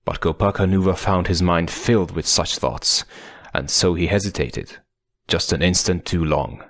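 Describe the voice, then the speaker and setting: A man reading an adventure audiobook as narrator, in a measured, dramatic storytelling manner. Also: low voice, gravelly, a bit bright, no room sound, clean studio sound. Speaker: audiobook reader.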